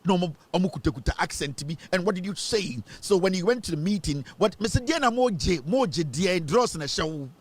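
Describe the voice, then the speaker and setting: A man's voice: sits high, expressive, fairly quick, hardly any pauses. A Ghanaian man hosting a political commentary show, ranting and mocking as he switches between English and Twi.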